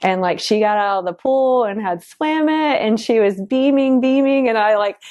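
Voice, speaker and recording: A woman's voice: on the high side, moderate pace, a little mellow, highs cut off. A woman who coaches swimming, answering interview questions in a chatty way with many fillers. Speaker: Special Olympics swim coach.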